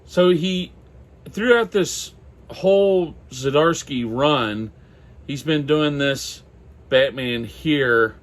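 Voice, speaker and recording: A man from Minnesota chatting casually on his own about comics, halting and apologetic with lots of fillers, his throat going dry. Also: a little high. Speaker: comic collector vlogger. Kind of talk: casual solo chat.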